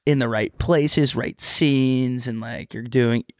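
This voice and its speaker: A young man co-hosting a podcast rambles through a casual story, with "like" in every other phrase. His voice sits at an ordinary middle pitch. The sound is close and dry, with no room around it. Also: steady tone, slow pace, a little mellow, dry recording. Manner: rambling storyteller, heavy use of "like". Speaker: podcast co-host. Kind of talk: casual chat.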